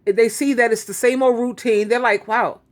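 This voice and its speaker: Casting: woman advice vlogger, slightly high voice, chatty and giggly, rambling, talks straight to her viewers. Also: fairly even intonation, normal speed. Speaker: YouTube advice host. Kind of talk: casual talk to camera.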